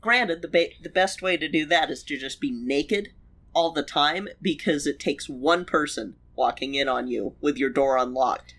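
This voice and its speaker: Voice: mid-range voice, normal speed, fairly bright tone. A podcast co-host in casual chat, making wry asides.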